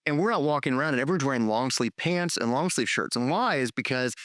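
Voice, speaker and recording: A middle-aged man hosting a podcast, telling long stories in a loose, profane, animated way with many restarts. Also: medium pitch, fast, no echo, studio quality. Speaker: podcast host, filmmaker. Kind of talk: casual storytelling chat.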